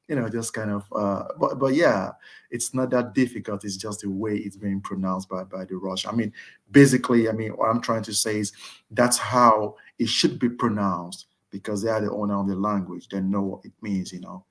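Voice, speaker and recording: A man speaking as a guest in a casual interview, answering in a halting way with many fillers and restarts. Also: lowish voice, steady tone. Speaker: interview guest, engineering student.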